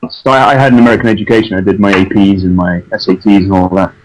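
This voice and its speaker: A man's voice: low voice, fairly even intonation, very fast, low-quality recording. A man with an English accent, an actor chatting as an interview guest, self-deprecating and prone to restarts. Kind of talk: casual interview chat.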